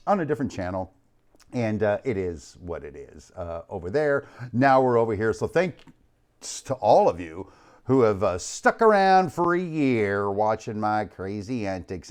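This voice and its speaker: A man hosting a live online show, talking in an energetic, playful way, calling out names from the chat and dropping low at the ends of lines. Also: unhurried. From United States. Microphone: studio mic.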